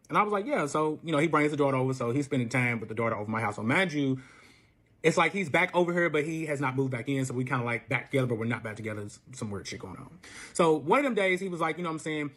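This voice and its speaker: A young man rattles through a personal story at a brisk, tumbling pace. His talk is casual and full of swearing. He acts out the people he quotes by lifting his voice. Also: medium pitch. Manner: profane, animated, acts out quotes in a raised voice. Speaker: storyteller guest.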